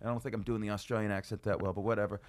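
A man's voice: lowish voice, very fast. A man from Las Vegas, a comedian and podcast host, telling stories and ranting in a casual chat. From Las Vegas, USA. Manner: animated ranting storyteller.

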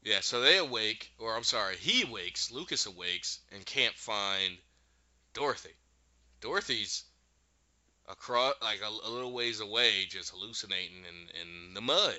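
A man's voice: on the low side, lively intonation, a little slow, bright, forceful tone, no room sound, dull audio. A man casually recapping a show, animatedly retelling scenes and acting out the characters' lines. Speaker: podcast host recapping a show.

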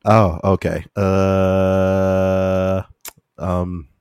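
A man's voice: sits low, monotone, extremely slow, darkish tone, smooth, no echo, clean studio sound. A man co-hosting a podcast in casual, rambling chat, laughing often. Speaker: podcast co-host.

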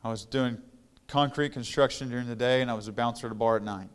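A middle-aged guest pastor with a smooth, resonant voice at an ordinary pitch for a man. He tells his own story plainly and conversationally, then rises into louder, fervent preaching. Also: fairly even intonation, fast talker. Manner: conversational testimony, grows louder and more fervent when preaching. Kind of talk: storytelling sermon.

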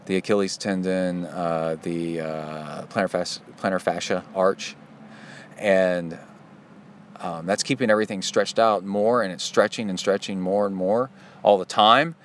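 A man's voice: fairly low pitch, fairly bright tone, a little hiss or hum. A middle-aged man hosting a podcast, talking in a chatty, self-deprecating way that wanders off into side stories. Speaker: podcast host. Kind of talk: casual rambling podcast monologue.

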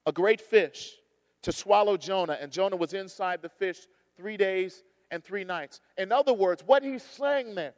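Male pastor preaching in a church sanctuary; dynamic delivery, booming then soft, long reverb behind him. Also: animated, normal speed. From United States. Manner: dynamic preaching, swinging between loud emphasis and hushed storytelling. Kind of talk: sermon.

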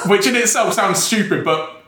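A young man hosting a podcast, telling stories in a lively way and laughing often. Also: sits high, unhurried. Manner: animated storyteller, acts out quotes, laughs often. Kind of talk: casual chat. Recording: roomy echo.

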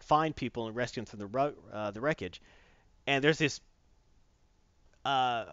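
A man's voice: medium pitch, a bit bright, no echo. A man casually reviewing a comic book, retelling it in a rambling, enthusiastic way, in a dull lo-fi recording.

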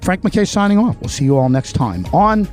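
A man's voice: high voice, sing-song, normal speed, over music. A man hosting a political talk show, delivering a heated monologue full of rhetorical questions and challenges to an absent official. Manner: emphatic, repetitive rhetorical questions. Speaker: show host.

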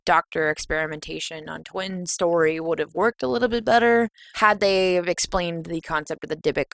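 A woman's voice: on the low side, normal speed, vocal fry, fairly bright tone, dry recording. A woman in casual podcast chat reviewing a horror movie, blunt and profane, laughing often. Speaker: podcast co-host.

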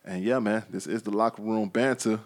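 A man's voice: on the low side, steady tone, fairly quick, darkish tone. A man hosting a casual podcast, chatting in a laid-back, slangy way and laughing often. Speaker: podcast host. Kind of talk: casual banter.

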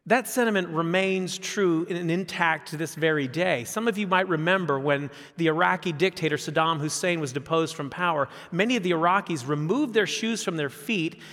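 A man in his fifties preaching a sermon as a pastor, animated, repeating phrases and asking rhetorical questions. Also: a little high, moderate pace, few pauses. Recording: long hall reverb.

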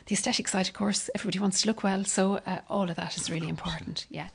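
A woman's voice: mid-range voice, steady tone, vocal fry, a little hiss or hum. An Irish woman who runs a clinic, chatting casually with many fillers while giving a tour of the rooms and stairs. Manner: chatty, rapid, full of fillers. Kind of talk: casual chat during a walk-through.

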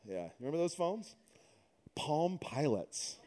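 A man's voice: a little high, very animated, unhurried, dark tone. A middle-aged man preaching a sermon, mixing humorous conversational stories with emphatic preaching. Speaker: pastor.

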